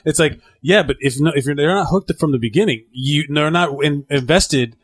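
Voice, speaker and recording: A man's voice: a little high, normal speed, husky. A man co-hosting a podcast in casual chat, rambling with lots of restarts. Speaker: podcast co-host.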